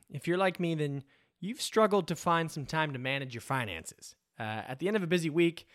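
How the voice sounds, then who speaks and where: A man's voice: on the high side, no echo, clean studio sound. A man, the show's host, reading sponsor ads with an upbeat, emphatic delivery. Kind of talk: ad read.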